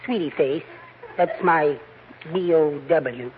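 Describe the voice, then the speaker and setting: An actor playing a timid, henpecked little man with a soft, hesitant voice in a 1940s radio comedy. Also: a little high, slow pace, very noisy. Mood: mild. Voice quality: soft, mousy, hesitant delivery. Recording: tinny lo-fi 1940s radio broadcast, faint audience.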